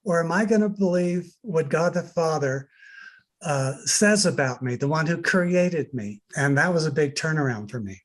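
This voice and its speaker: A man's voice: fairly high pitch, lively intonation, normal speed. A man hosting a podcast interview, speaking in an earnest, reflective way. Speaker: podcast host. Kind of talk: conversational interview.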